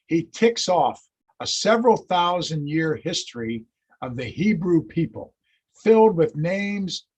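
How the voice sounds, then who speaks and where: Guy giving a history talk, husky voice a bit on the high side, tells it like a story. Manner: storytelling, acts out quotes. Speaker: lecturer. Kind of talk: history lecture.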